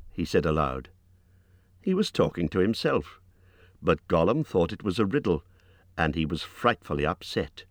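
A man narrating an audiobook in a measured, expressive storytelling manner. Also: low-pitched, no echo.

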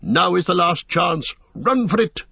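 A man's voice: a little high, moderate pace, vocal fry, breathy edge, no room sound, highs cut off, voice pushed up. A man doing a fierce old wizard. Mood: urgent. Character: commanding old male wizard, urgent and fierce.

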